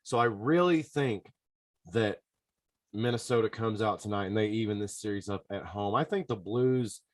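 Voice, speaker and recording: A man hosts a casual sports betting podcast, his voice sitting on the low side. He talks straight to his listeners in an excitable, chatty way. The sound is dry and close, with no room around it. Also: normal speed, dry recording. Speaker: podcast host.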